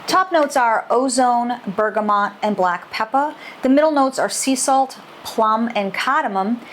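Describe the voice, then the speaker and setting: A woman's voice: on the high side, animated, unhurried, a little hiss or hum. A woman in her adult years giving a casual, enthusiastic product review as a candle maker, exclaiming often as she talks.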